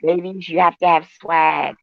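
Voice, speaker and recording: A woman's voice: fairly low pitch, fairly even intonation, moderate pace, vocal fry, no echo. A woman co-hosting a casual chat show, telling brash stories with laughter. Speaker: show co-host. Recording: dull lo-fi sound.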